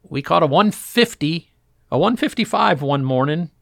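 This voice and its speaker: Gravelly man telling fishing stories. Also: a little high, normal speed, no room sound, clean studio sound. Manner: animated storyteller acting out voices in quotes. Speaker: fishing guide. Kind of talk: storytelling interview chat.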